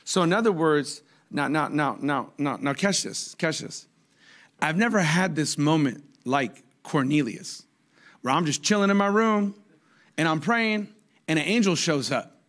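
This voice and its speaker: A man in his forties preaching a sermon as a pastor, telling jokey stories with sudden high-pitched outbursts. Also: lively intonation, measured pace, fairly bright tone.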